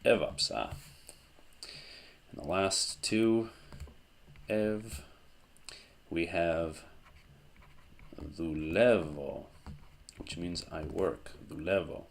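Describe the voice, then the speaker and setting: Male teacher, very low and gravelly, slow and methodical delivery, whiteboard lesson. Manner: slow, methodical explaining with self-corrections. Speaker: language teacher.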